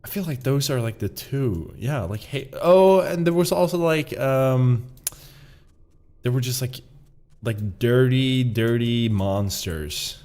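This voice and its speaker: A man from Sweden with a Swedish accent, streaming and reacting to a video with loud, incredulous commentary and plenty of swearing. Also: medium pitch, expressive, takes it slowly.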